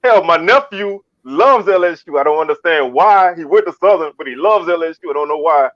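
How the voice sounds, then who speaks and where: A slightly high, lively-sounding man from Baton Rouge, Louisiana co-hosts a casual sports talk show, talking a little fast. He often restarts and repeats his words. The recording is dry, dull, and lo-fi.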